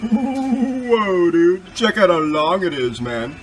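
A man playing a goofy, laid-back male alien who calls himself God, with a slow, drawling delivery. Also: high voice, expressive, a bit bright, full character voice, low-quality recording.

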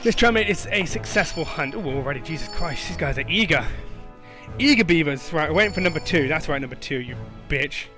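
A young man hosting a gaming channel, giving excitable, joking, profane commentary as he plays online with teammates. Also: a little high, a little fast. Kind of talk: live gameplay commentary. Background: game music.

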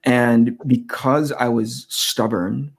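A husky, mid-range-voiced American comic artist in his forties tells animated anecdotes slowly, with vocal fry, in a casual interview. He acts out the quoted dialogue in his stories.

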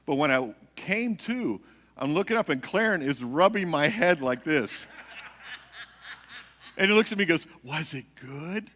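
Pastor, man, chatty storytelling sermon, acts out voices; bright tone, live hall reverb. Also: fairly high pitch, normal speed, long pauses. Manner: animated, acts out quotes, laughs at own story. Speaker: pastor teaching a midweek Bible study. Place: church sanctuary.

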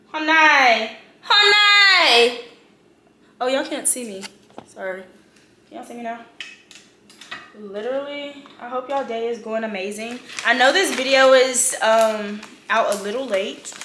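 A woman's voice: on the high side, a bit bright, reverberant, a little hiss or hum. A young woman, chatting casually to her viewers in a prank vlog, swearing freely and laughing often. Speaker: vlogger. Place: home kitchen.

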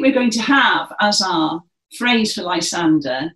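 A woman's voice: fairly low pitch, expressive, measured pace, fairly bright tone. A woman leading a dance session, giving encouraging instructions and projecting with theatrical delivery. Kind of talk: guided movement class instruction. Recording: echoey room.

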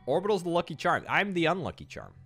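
A fairly high-pitched Scottish man with huge pitch swings and a fairly bright tone streams a game over soft background music. His talk is casual and chatty, full of quick joking replies to chat.

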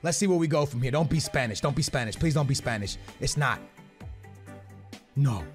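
A man's voice: medium pitch, brisk, echoey room, over loud music. A man screaming and swearing in disbelief at a pack opening. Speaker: gamer reacting to pack opening.

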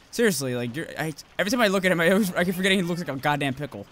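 Foul-mouthed man yelling at a game. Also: on the high side, animated, racing, few pauses. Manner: profane, yells insults at the monster. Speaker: let's play host. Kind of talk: casual gameplay commentary. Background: game music.

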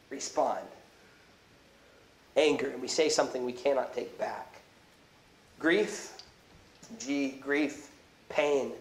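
Man, pastor, sermon in church, animated and conversational, frequent restarts, slightly higher pitch. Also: poor audio. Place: church sanctuary.

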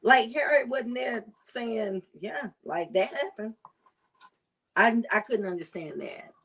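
A woman food vlogger chatting casually while she prepares and tastes seafood, savoring and drawn-out in her talk. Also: on the high side, expressive, fairly bright tone, husky. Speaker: cooking vlogger. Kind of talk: casual chat while cooking.

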